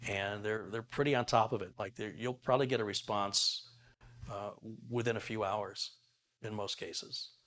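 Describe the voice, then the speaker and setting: A man's voice: fairly low pitch, fairly even intonation, moderate pace, a bit bright. A middle-aged man, hosting a live tech stream in a casual, chatty way and reading viewer donations aloud. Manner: chatty, laughs easily, reads viewer messages aloud.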